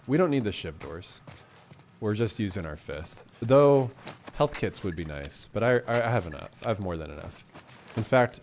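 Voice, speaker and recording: A man streaming a game live, chatting casually and cheerfully thanking donors, a bit congested. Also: on the low side. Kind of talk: casual live gameplay commentary.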